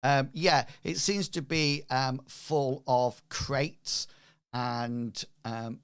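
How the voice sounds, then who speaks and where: A man narrating as game master, slow and hesitant with many pauses. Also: medium pitch, fairly even intonation, clean tone.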